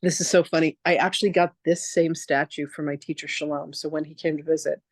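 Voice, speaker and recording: Woman telling a lively spiritual story. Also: low voice, a little fast, dry recording. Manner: lively, casual storytelling that acts out quoted voices; frank, with the odd swear word. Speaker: spiritual teacher. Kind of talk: storytelling masterclass talk.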